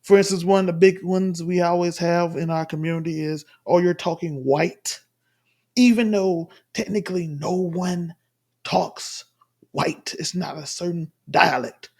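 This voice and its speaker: A man's voice: high-pitched, fairly even intonation, measured pace, a little mellow. A man from the Southern US giving rambling, emphatic casual commentary while reacting to a clip at home. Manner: rambling, emphatic, restarts often. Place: home room.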